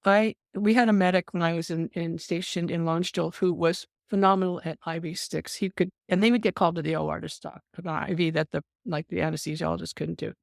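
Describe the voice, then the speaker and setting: An older woman, a nurse, telling stories in an interview. She is an animated storyteller who acts out the voices she quotes and often says "um". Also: fairly low pitch, fast talker, creaky, hardly any pauses, dry recording, clean studio sound. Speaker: nurse guest.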